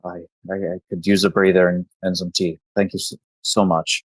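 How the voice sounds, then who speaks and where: A man playing Renwick, a frazzled, polite adventurer who stammers and rushes his words. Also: low voice, level tone, no echo, low-quality recording. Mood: rattled. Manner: stammering, fast, proper.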